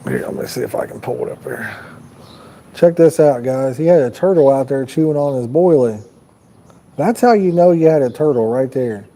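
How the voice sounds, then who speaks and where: A man's voice: medium pitch, expressive, moderate pace, vocal fry, warm tone, rough recording. A man hosting a fishing livestream outdoors by a pond, chatting loosely and rambling to his viewers. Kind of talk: casual live-stream chat.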